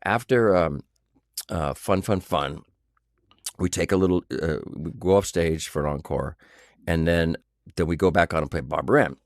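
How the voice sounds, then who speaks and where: A man in his sixties, an actor, telling animated stories in an interview, acting out quoted voices and humming tunes. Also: low-pitched, normal speed, dry recording, studio quality. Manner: animated anecdotes with sung sounds and quoted voices. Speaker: actor guest. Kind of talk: storytelling interview.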